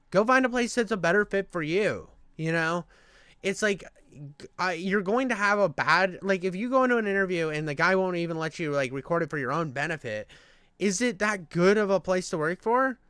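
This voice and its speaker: Profane ranting man, smooth voice. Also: sits high, lively intonation, moderate pace, a bit bright, dry recording, studio quality. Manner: profane, rambling, restarts a lot. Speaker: channel host. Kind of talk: casual ranting monologue.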